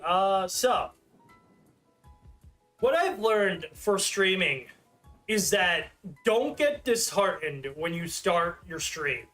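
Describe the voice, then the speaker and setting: A man's voice: high voice, pushed and bright. A man in his thirties chatting casually on a livestream, rambling and self-deprecating with lots of fillers. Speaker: streamer.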